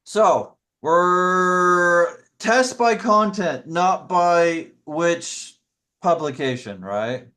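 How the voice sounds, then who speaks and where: A man with a somewhat high voice leads a relaxed scripture study group. He explains points in a halting way, stops partway through his sentences and corrects himself as he works through his notes. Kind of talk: casual scripture study discussion.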